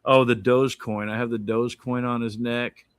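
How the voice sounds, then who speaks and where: A man's voice: medium pitch, level tone, normal speed, clear, resonant tone, no echo. A man casually chatting about his drawings on a stream, laid-back and swearing freely as he explains his art. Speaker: artist showing his drawings. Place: indoor studio with his art panels behind.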